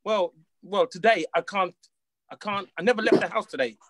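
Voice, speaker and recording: A man's voice: sits high, moderate pace, very noisy. A West Indian man with a Caribbean accent, a guest on a talk show, chatting in an easygoing, jokey way and often repeating his phrases. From West Indies. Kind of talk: casual chat.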